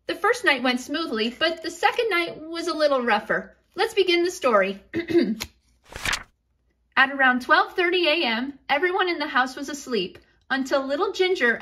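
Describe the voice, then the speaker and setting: A woman reading a homemade story aloud in a relaxed, chatty tone, with asides to her listeners. Her voice sits high and sounds bright and clear. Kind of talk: casual storytelling narration.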